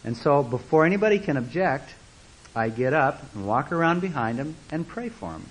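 A man preaching a sermon as a story, animated and repeating words, acting out the voices of the people in it. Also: on the high side, moderate pace, low-quality recording.

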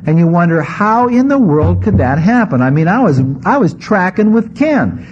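A man's voice: sits high, sing-song, moderate pace, darkish tone. Man preaching a sermon, muffled recording. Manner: conversational, wry asides while reading scripture. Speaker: pastor. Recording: slightly muffled with faint background noise.

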